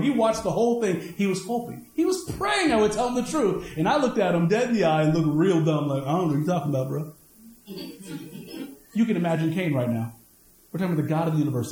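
A man preaching a sermon, mixing personal stories with scripture, swinging between high emphatic lines and low asides. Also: roomy sound. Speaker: pastor.

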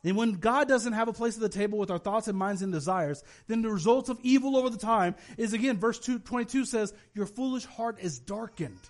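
A man preaching a sermon as a pastor, telling stories with animated delivery and acting out the people he quotes. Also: high-pitched, quick pace, few pauses. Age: adult, has children. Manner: animated storytelling, voices quoted parents.

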